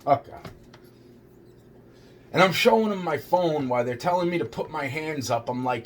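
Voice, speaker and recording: A man's voice: fairly high pitch, expressive, moderate pace, pauses often, slight background noise. A man telling a rambling first-person story, agitated and full of profanity, repeating himself as he goes. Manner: heavily profane, agitated, repetitive.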